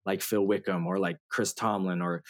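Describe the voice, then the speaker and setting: A man with a lowish voice tells his story in a casual interview. He laughs a lot and uses plenty of slang and filler words. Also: level tone, moderate pace. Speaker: guest musician.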